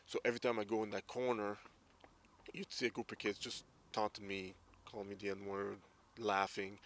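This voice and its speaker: A man's voice: fairly low pitch, fairly bright tone. A man around forty, a former hockey player, candidly recounting his memories in an interview. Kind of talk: casual interview storytelling.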